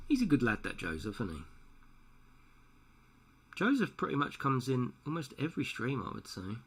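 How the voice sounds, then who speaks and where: A man streams a model-painting session from home and chats loosely with his viewers. His voice has a gravelly edge and swings widely in pitch. He jokes and laughs often between stretches of work. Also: sing-song, moderate pace, long pauses, fairly bright tone. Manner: chatty, jokey, laughs often. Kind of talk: casual live-stream chat. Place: home room at night. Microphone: headset.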